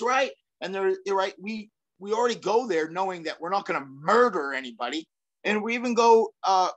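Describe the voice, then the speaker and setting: A middle-aged man, a former fighter, talking as an interview guest in an energetic, rambling way, with many restarts, fillers and casual swearing. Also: high voice. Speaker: guest, former fighter and self-defense trainer.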